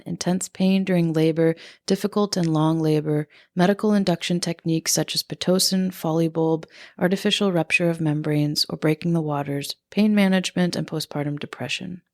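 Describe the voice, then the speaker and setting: A woman's voice: low voice, darkish tone, dry recording, clean studio sound. A woman co-hosting a podcast in casual chat, earnest and open as she talks things through. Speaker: podcast co-host.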